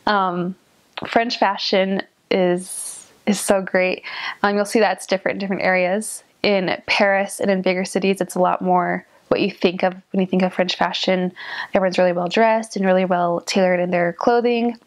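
A woman's voice: on the low side, moderate pace. A young woman casually explaining a culture, speaking with lots of ums. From United States. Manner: flat, even delivery with frequent ums.

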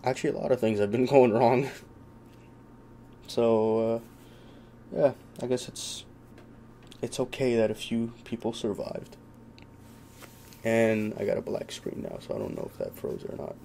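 A man's voice: medium pitch, big pitch swings, a little slow, gravelly, pauses often, warm tone, slight background noise. A young man giving casual, profane, sarcastic commentary while playing a video game. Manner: profane, sarcastic trash talk. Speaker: gameplay commentator.

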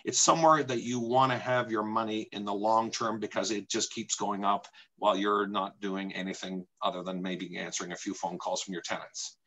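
A man's voice: on the low side, fairly even intonation, normal speed, hardly any pauses, fairly bright tone, low-quality recording. A middle-aged man from Canada, a real estate agent presenting a homebuying talk in an opinionated, emphatic way, using rhetorical questions and repetition.

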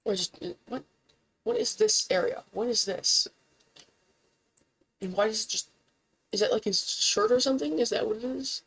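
A woman giving casual gameplay commentary, excitable and incredulous, swearing often and jumping up in pitch when surprised. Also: normal speed, pauses often, a little hiss or hum, poor audio.

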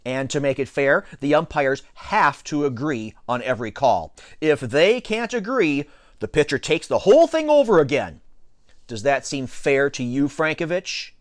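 A bossy young pitcher who taunts and commands, put on by a man reading a children's book aloud. His lines come out loud and sure of themselves. The sound is dry and close, with animated, swinging pitch. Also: normal speed, no echo. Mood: taunting bossy. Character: cocky bossy boy pitcher, a bully. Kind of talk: storybook reading.

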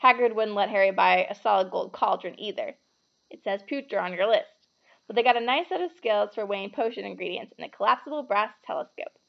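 A woman reading a novel aloud with expressive storytelling. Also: medium pitch, fast, gravelly, muffled recording. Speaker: reader.

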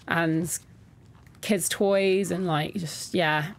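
A woman with a slightly low voice gives casual gameplay commentary, chatting with her viewers and reacting as she goes. She reads in-game notes aloud in an easy, unpolished way. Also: normal speed. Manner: talks to her viewers directly. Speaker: gaming content creator. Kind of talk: casual let's-play commentary.

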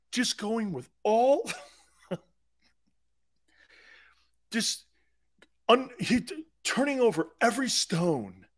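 A man hosting a sports talk show, ranting in a mocking, incredulous way. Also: sits high. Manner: mocking and incredulous, breaking into laughter and shouted outbursts.

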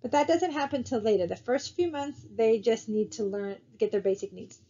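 A woman with a fairly high voice records a lecture over her slides. She talks in a conversational way and often stops to ask her students rhetorical questions. The recording sounds somewhat dull and lo-fi. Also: normal speed, mellow. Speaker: college instructor.

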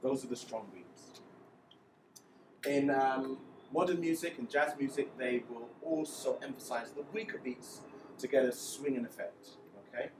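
A man's voice: medium pitch, unhurried, background noise. Male music teacher, patient step-by-step explainer, counts beats aloud; recorded a bit off-mic in a roomy space. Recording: echoey room, voice a bit far from mic, faint ambience.

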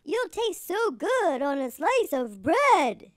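A woman voicing a big, hungry, gullible male monster in a storybook reading, booming slowly and greedily. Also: sing-song, dry recording, clean studio sound, exaggerated voice. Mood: greedy. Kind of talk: storybook character voice.

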